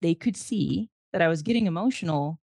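A woman's voice: on the low side, expressive, brisk, vocal fry, a little mellow, slightly rough, no room sound. A woman in her thirties, a mother and podcast guest, telling her story in an earnest, reflective way. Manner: earnest, reflective, emotional retelling. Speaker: guest, mother of a child with special needs. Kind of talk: candid interview storytelling.

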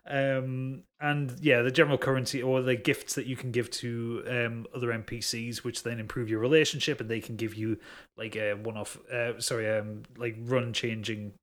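A man's voice: mid-range voice, flat delivery, normal speed. A man hosting a podcast in casual chat, explaining things steadily with fillers along the way. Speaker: podcast host.

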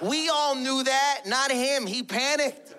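A male stand-up comedian tells stories in a rambling, profane way. His voice is bright and forceful. A faint hum of background noise sits under him. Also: extremely high pitch, slow.

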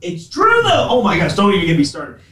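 An animated man hosts a casual chat, his fairly high voice leaping up for emphasis. He sounds set back from the mic. The room around him is echoey. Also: brisk, far from the mic. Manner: animated and emphatic, with big pitch jumps. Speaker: podcast host.

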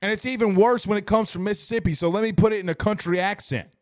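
A man's voice: sits high, quick pace, few pauses, no room sound, clean studio sound. A man hosting a casual sports talk livestream, reading chat comments and rambling emphatically with repeated phrases. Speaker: host reading live chat. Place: studio.

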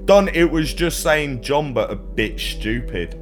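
A man's voice: fairly high pitch, animated, faint music behind. A man co-hosting a podcast in casual chat, telling stories against himself with a laugh. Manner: self-mocking storyteller, slow and laughing. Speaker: podcast co-host.

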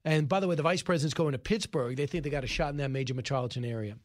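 A man hosting a talk radio show, giving opinionated, emphatic commentary and taking calls. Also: fairly high pitch. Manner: opinionated, emphatic, quick asides. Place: radio studio.

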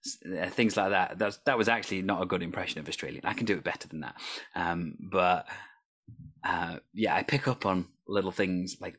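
A man hosts a relaxed conversation, asking questions and rambling on with plenty of "um" and "like". His voice sits somewhat low for a man, and his manner stays friendly and unhurried. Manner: chatty, rambling, frequent fillers. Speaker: host. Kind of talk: casual chat.

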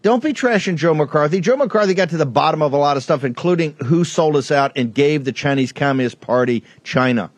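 A man's voice: on the high side, fairly quick, hardly any pauses, no echo. A man hosting a political talk show, ranting in a heated, rambling way with many restarts and asides. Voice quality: rambling, fired up, frequent restarts. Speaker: host.

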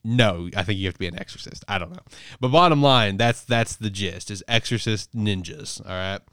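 A man hosting a casual podcast, recapping a manga chapter in a profane, rambling, animated way. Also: on the low side, a little fast, clean tone, no room sound, studio quality. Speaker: podcast host reviewing manga. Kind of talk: casual chat.

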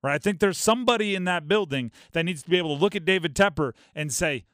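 A man hosting a sports talk radio show, talking in an animated, quick way and dropping into mock voices for bits. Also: high voice, dry recording, studio quality. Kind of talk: casual sports talk monologue.

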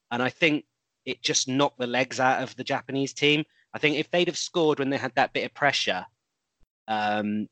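A man's voice: medium pitch, a bit bright, dry recording. A man co-hosting a casual rugby chat, rambling a little with restarts and fillers. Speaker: podcast co-host.

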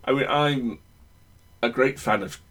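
A man's voice: mid-range voice, measured pace, fairly bright tone. A man from the UK co-hosting a podcast, talking in a thoughtful, wordy way with frequent restarts. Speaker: podcast co-host. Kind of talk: casual chat.

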